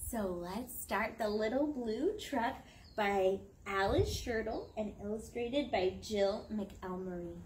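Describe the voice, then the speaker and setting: A young woman, a parent reading a picture book aloud to her toddler in a playful, animated way. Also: mid-range voice, slow pace, a little hiss or hum, rough recording. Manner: playful, animated storytelling with gasps.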